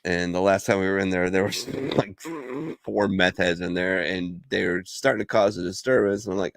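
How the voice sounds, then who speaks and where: Middle-aged American man, deep voice, animated and profane, dry close mic, casual host banter. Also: moderate pace, no echo. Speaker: podcast co-host.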